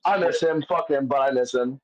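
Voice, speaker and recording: A man's voice: mid-range voice, a little fast. A man, a comedian guest, telling stories in casual chat, swearing often and rambling with many fillers. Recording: dull lo-fi audio.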